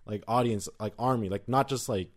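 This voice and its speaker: A man's voice: lowish voice, fairly quick. A man co-hosting a podcast in casual chat, playful and laughing often, tripping over his words. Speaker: podcast co-host.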